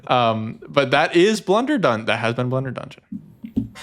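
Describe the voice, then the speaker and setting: A man's voice: medium pitch, sing-song, measured pace, faint music behind. A man running a tabletop game as dungeon master, wrapping up the session in casual chat and teasing his players with frequent laughter.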